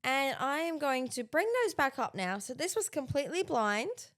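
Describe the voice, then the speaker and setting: Woman, higher voice, chatty podcast co-host who leads the segments. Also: very animated, moderate pace, fairly bright tone. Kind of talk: casual chat.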